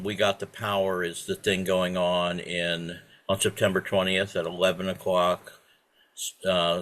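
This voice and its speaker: A man on a video call, talking at length in a halting way with many restarts. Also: low voice, sharp tone. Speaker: participant. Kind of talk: casual video call chat.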